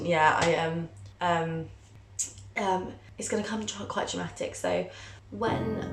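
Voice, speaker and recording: A young woman, in her twenties, talks straight to camera in a casual, open way. She is candid and self-mocking, with a playful flair for drama. Her voice sits a little low, and the recording is roomy, with noticeable echo. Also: a little slow, music in the background. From England. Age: 20s. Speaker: vlogger, journalism student. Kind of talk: casual personal storytelling to camera. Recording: roomy, echoey sound.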